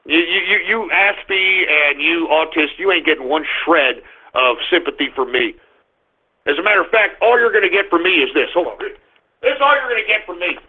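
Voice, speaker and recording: A man hosting a radio talk show, ranting aggressively and shouting insults at his listeners. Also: on the high side, lively intonation, fairly quick. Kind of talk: angry ranting monologue. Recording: muffled phone-line radio stream.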